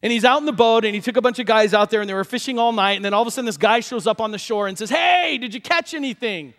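With a high voice and a racing delivery, a male pastor preaches, bringing the story alive and imitating the voices of those in it. A long reverb tail trails his words.

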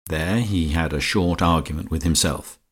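Deep-voiced man narrating a comic novel. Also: normal speed, slightly rough. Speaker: audiobook narrator. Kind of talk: scripted narration.

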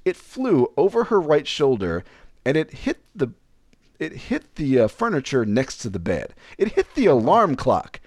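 A man's voice: medium pitch, no echo, clean studio sound. A man casually telling a frank personal story, rambling and acting out the dialogue. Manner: frank, rambling, animated retelling with quoted dialogue.

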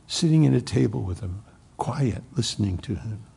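Male pastor, low gravelly husky voice, preaches with big swings from loud to whispered, long hall reverb. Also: lively intonation, normal speed. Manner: preaches with strong swings from loud emphasis to hushed near-whispers. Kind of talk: sermon.

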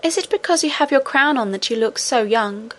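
A woman voicing a young, eager princess girl who speaks quickly and affectionately. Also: a little high, animated, close to an everyday voice. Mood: curious.

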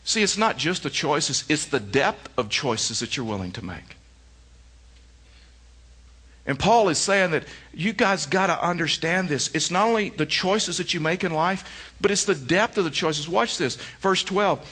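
A man's voice: on the high side, expressive, moderate pace, pushed and bright, breathy edge. Man preaching a storytelling sermon. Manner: storytelling with emphatic repetition. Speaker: pastor.

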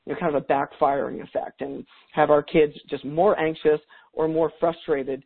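A man's voice: a little high, fairly even intonation, moderate pace, gravelly, phone-quality sound. A middle-aged man talking as a guest expert in a podcast interview, chatty, with frequent restarts and easy laughs.

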